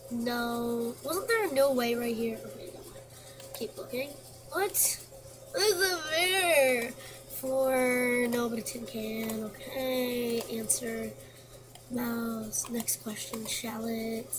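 A woman's voice: on the high side, steady tone, slow pace. A woman playing a quiz game on her computer, reading the questions and answers aloud and mumbling to herself. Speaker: gameplay commentator. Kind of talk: casual gameplay commentary. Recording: noisy home recording.

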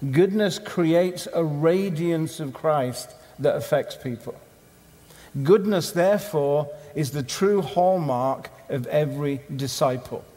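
A man delivers a conference sermon, his voice a little high, slow, and warm. He speaks emphatically and rhythmically in short, punchy bursts, and the hall adds a long reverb.

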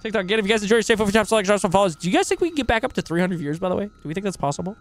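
Excitable, lively man streaming a game. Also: high voice, rapid-fire, faint music behind. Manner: excitable, profane, reacting and thanking followers. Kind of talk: live gaming commentary.

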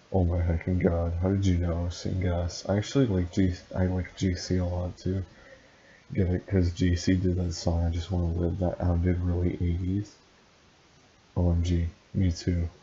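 A man reading fan fiction aloud in a deadpan way, with dry asides and stumbles over words. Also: low-pitched. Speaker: reader and commentator. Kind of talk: comic read-aloud of fan fiction with commentary. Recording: dull lo-fi sound, faint hiss.

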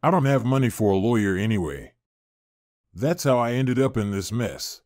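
A man narrator playing a poor but kind young man, frank and sincere in how he answers. His pitch rises and falls freely across each phrase. The recording is dry and close-miked. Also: animated, normal speed, darkish tone, no echo, close to an everyday voice. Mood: worried. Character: kind modest young male vagabond.

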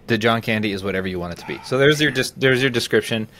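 A man co-hosting a casual podcast, talking in a relaxed, rambling way. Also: mid-range voice. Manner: relaxed, rambling, reads out loud haltingly. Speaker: podcast co-host. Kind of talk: casual chat.

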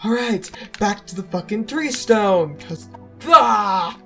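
A woman's voice: medium pitch, animated, unhurried, soft background music. A woman streamer playing a role-playing game, swearing and muttering irritably at enemies as she plays. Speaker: gameplay streamer. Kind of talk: profane let's-play commentary.

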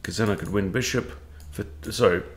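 A man's voice: fairly low pitch, fairly quick. A man who coaches chess, thinking aloud as he plays and talking to himself with wry asides. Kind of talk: thinking-aloud game commentary.

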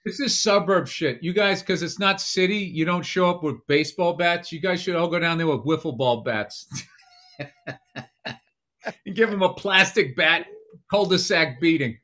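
A man's voice: sits high, normal speed. A man co-hosting a comedy podcast, teasing and profane, telling stories in casual banter. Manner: teasing, profane, animated storyteller who acts out voices. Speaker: podcast co-host.

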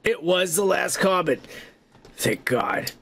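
A man's voice: sits high, lively intonation, slow, creaky, a bit bright. A man hosting a comedy podcast, reading viewer comments aloud and telling a story in a loose, casual way, swearing a lot and laughing often.

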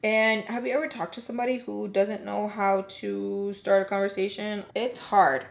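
A woman's voice: mid-range voice, normal speed, creaky. A woman telling a personal story in a casual vlog while doing her makeup, chatty and full of "like" fillers. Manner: chatty, filler-heavy with frequent "like"; animated, acts out the other people in the story. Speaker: storytime vlogger.

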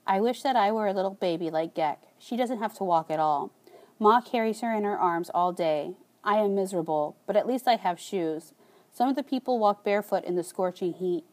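A woman narrating an audiobook in a calm, measured first-person reading. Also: fairly low pitch.

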